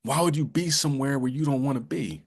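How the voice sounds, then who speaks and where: A man's voice: mid-range voice, quick pace, vocal fry, slightly rough. Conversational man teaching scripture. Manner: conversational, repetitive, many restarts and "you know"s. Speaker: religious teacher. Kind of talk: casual bible teaching.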